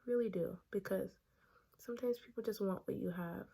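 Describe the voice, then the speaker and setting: A young woman vlogger telling a casual story time while doing her makeup, animated and chatty, acting out the quotes. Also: medium pitch, brisk, creaky, slightly rough. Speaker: beauty vlogger.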